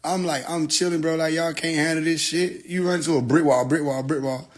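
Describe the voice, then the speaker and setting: Guy hosting a phone live stream, kinda high voice, laughs a lot, cusses, goes loud then mumbles quiet. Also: fairly even intonation, a little fast. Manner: joking, laughs often, swears freely; switches between loud outbursts and quiet mutters. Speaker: livestream host. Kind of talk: casual livestream chat.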